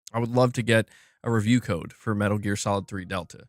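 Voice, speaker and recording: Man, young, casual livestream host, rambling restarts, lowish voice, dry close sound. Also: dry recording. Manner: rambling, restarts often, calls chat "dude" and "bro".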